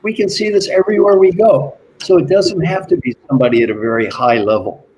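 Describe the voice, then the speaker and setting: Mellow-voiced man giving a motivational talk. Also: on the high side, a little hiss or hum, rough recording. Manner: earnest, repeats key questions slowly. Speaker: executive coach.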